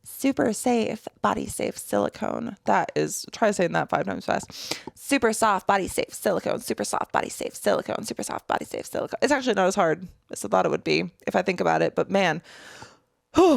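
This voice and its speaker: A woman's voice: medium pitch, normal speed, creaky, dry recording, studio quality. A woman in her thirties hosting a solo podcast, chatting and laughing to herself as she unboxes products in a small room. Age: 30s. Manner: giggly, animated, talks to herself. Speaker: podcast host.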